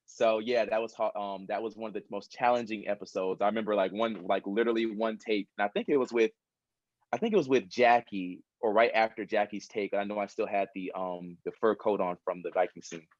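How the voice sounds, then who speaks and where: A man on a panel, chatting in an animated, storytelling way over a video call. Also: lowish voice, brisk, dry recording, dull audio. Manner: animated, storytelling, often says "literally". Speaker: actor on a fan convention panel. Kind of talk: casual panel chat.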